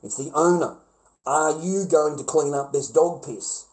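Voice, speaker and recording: An Australian man vents in a raw, profanity-laced monologue, his voice sitting a touch high for a man. He keeps breaking into loud, shrill peaks of indignation before dropping back to a grumble. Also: unhurried, low-quality recording. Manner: angry, profane, swings into loud high-pitched outbursts. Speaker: vlogger.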